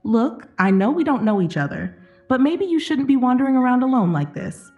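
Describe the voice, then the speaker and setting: A woman voicing a kind, rugged male street musician in a soft, easygoing way. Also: high voice, big pitch swings, brisk, highs cut off, soft background music, voice pushed up. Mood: gentle.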